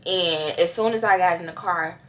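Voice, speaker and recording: A woman's voice: on the low side, normal speed, slight background noise. A young woman vlogger telling a casual storytime, chatty and slangy, talking straight to her viewers with many fillers.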